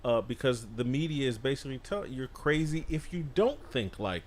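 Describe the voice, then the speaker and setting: A man's voice: mid-range voice, animated, a little fast. A man appearing as a guest on a podcast, making blunt, emphatic points in casual political talk.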